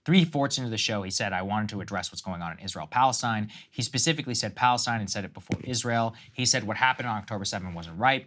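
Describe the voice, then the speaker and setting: A man's voice: lowish voice, a bit bright. A man co-hosting a political news show, reading reports aloud and then riffing with restarts. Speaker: co-host.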